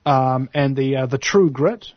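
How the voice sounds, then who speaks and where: A man with a New Zealand accent, a panelist on an online show who keeps an eye on the chat, talking in a chatty, rambling, animated way. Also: medium pitch, a little slow, no room sound. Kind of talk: casual online panel talk. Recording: muffled, dry online audio.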